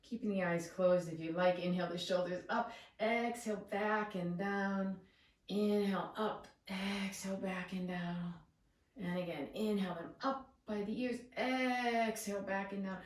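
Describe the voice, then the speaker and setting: A woman yoga teacher leading a guided breathing meditation with slow, soothing cues. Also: medium pitch, distant mic. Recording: echoey room, away from the mic.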